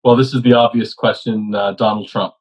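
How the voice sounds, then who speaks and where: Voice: medium pitch, fairly even intonation, brisk, darkish tone, rough recording. An interviewer asking questions in a casual, hesitant way.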